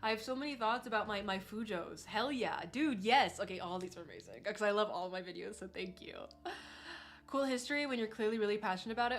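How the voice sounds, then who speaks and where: A woman hosting a casual livestream from her desk at home, talking in a gushing, excitable, slangy way. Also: medium pitch, fast talker, faint music behind. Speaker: livestream host.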